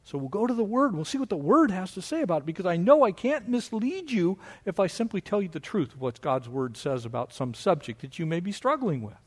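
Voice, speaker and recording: A man preaching a sermon as pastor of his church, with animated delivery that mocks objections in a raised voice. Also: brisk, hardly any pauses. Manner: animated preaching, mocking quoted objections in a higher voice.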